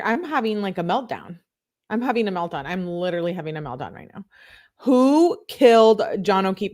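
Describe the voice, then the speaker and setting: A woman hosting a livestream, reacting to a court hearing with outraged, rapid-fire rhetorical questions and swearing. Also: mid-range voice. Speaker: livestream host. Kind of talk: live reaction commentary.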